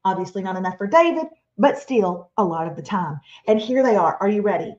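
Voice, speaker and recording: A woman, giving a lively, playful motivational Christian talk as a webinar speaker. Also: medium pitch, fairly quick. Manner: animated, playful, acts out imagined listeners and quotes. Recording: slightly dull, lo-fi webinar audio.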